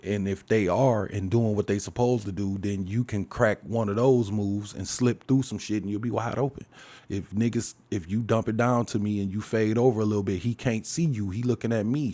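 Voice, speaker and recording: A man in his forties rambles alone into a podcast mic, swearing and laughing as he goes. His voice sits low and mellow, and he speaks with loose, storytelling energy. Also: brisk. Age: 40s. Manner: profane, animated storytelling with frequent laughs. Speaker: podcast host. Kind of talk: casual solo podcast monologue.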